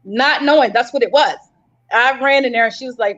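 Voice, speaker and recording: On a live panel, a woman survivor with a fairly high, slightly bright voice recounts what happened to her at a fairly quick pace, vividly voicing her own pleas for help. The recording is dull, lo-fi livestream audio.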